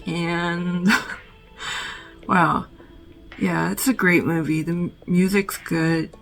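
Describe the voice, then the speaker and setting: Woman talking slow and thoughtful about movies in her room, lots of "like", soft music behind. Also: on the low side, steady tone, gravelly, poor audio. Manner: reflective, halting, heavy use of "like". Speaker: vlogger. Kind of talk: casual film recommendations. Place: her bedroom.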